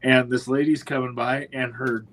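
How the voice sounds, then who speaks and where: Over a low-quality recording, a northwestern Ontario man in Canada recounts hunting stories at a moderate pace in a mid-range voice. As host of this casual podcast chat, he's animated and imitates the voices of the people in his stories.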